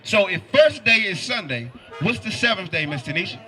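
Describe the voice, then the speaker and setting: Bright high-voiced man preaching forcefully. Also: big pitch swings, normal speed, faint music behind. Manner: forceful, quizzes listeners with pointed questions. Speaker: street preacher. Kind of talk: outdoor street preaching.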